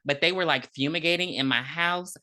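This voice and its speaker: A woman's voice: sits low, brisk, bright, forceful tone. A woman co-hosting a podcast, recapping a TV episode in a chatty, slangy way with frequent laughs. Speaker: podcast co-host. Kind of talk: casual chat recapping a TV episode.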